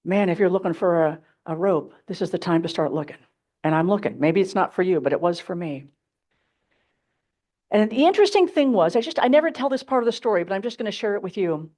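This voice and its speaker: A woman's voice: on the low side, animated, a little fast, warm tone. A woman giving a symposium talk, telling her own story candidly and dramatically to a live audience. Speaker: keynote speaker. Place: symposium stage before an audience.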